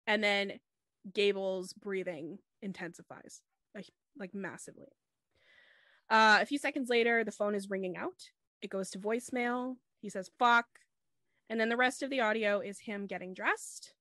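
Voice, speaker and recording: A woman's voice: mid-range voice, fairly bright tone, dry recording. A woman hosting a podcast, retelling a true crime case step by step with frequent fillers. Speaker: podcast host.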